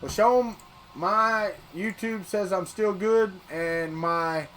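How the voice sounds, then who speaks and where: A high-voiced man with a Southern US accent, from Florida, talks loosely to his livestream viewers about 3D printing. He rambles and often restarts or repeats words as he works at his printer. A faint hum of room ambience sits behind him. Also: slow, a bit bright. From Florida, United States. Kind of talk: casual live-stream chat.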